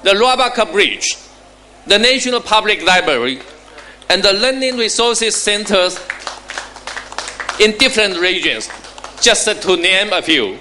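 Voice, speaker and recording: High, bright man reading a formal speech. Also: very animated, slight background noise. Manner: measured, phrase-by-phrase delivery. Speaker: ambassador giving a speech.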